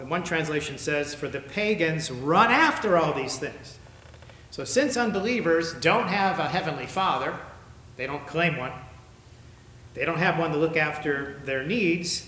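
A man preaching a sermon as pastor, emphatic, his voice climbing high when he reads verses. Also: a bit bright. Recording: echoey room with faint ambience.

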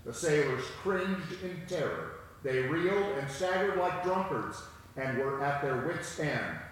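Man, preacher, slow deliberate delivery, repeats key phrases, long reverb of a big hall. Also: a little high, lively intonation, a little hiss or hum. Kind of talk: sermon with scripture reading.

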